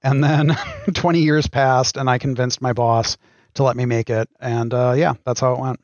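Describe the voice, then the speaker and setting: A man's voice: mid-range voice, level tone, a little mellow, no room sound. Thoughtful man on dull lo-fi audio. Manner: thoughtful, pauses with many ums. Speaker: game designer guest. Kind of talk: casual podcast interview.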